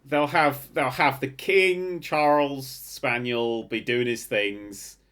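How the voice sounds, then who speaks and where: A man's voice: medium pitch, steady tone, slow pace, fairly bright tone. A young man hosting a casual podcast, rambling and swearing with frequent laughter. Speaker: podcast host. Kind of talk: casual chat.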